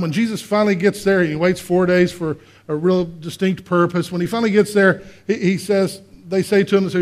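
A male pastor preaching a conversational sermon, asking the congregation questions and swinging between quiet and loud. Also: high-pitched, fairly even intonation, moderate pace. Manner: acts out voices in quotes, swings from quiet to loud.

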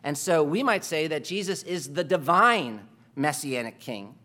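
A man preaching a sermon, emphatic and full of rhetorical questions, moving between quiet asides and loud stresses. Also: fairly high pitch, animated, measured pace.

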